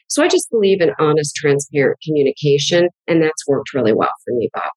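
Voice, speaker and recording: A woman business coach answering interview questions in a plain, direct, steady way. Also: deep voice, a little fast, hardly any pauses, slightly rough, no echo, rough recording.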